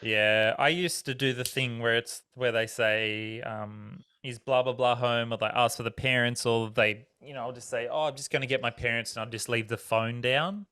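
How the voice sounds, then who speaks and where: A man's voice: medium pitch, steady tone, normal speed, few pauses, pushed and bright, smooth, no room sound. A man, co-hosting a podcast in casual chat, making dry, sarcastic asides. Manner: laughs along, sarcastic asides. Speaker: podcast co-host.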